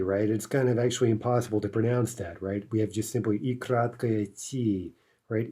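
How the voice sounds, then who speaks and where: A man's voice: fairly low pitch, a little fast, dark tone, breathy edge. A man teaching Russian grammar in a recorded lesson, explaining step by step and often checking in with "right?". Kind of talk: recorded lecture walking through a workbook.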